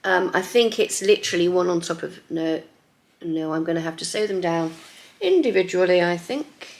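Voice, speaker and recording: A chatty middle-aged woman hosting her own sewing vlog, her voice low and gravelly with plenty of fry. She talks in a lively, friendly flow and slips now and then into a soft near-whisper. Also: moderate pace. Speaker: sewing vlogger.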